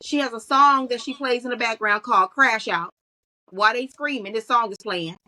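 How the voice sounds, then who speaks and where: Woman, high bright voice, animated storyteller, podcast guest. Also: normal speed, low-quality recording. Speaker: guest, content creator. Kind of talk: podcast interview conversation.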